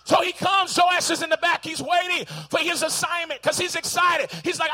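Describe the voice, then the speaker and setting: A man preaching a sermon in a church, animated, acting out voices and rising to shouts. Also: extremely high pitch, moderate pace, hardly any pauses.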